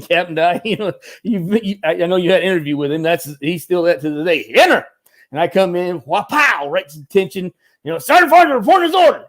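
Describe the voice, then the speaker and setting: A middle-aged man with a fairly high speaking voice, spinning animated anecdotes with frequent laughs. He talks loosely, stumbling into restarts and acting out the voices of people in his stories. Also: brisk. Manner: animated storyteller, laughs often, restarts sentences. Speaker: guest, former Marine turned film military advisor. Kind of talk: casual storytelling interview.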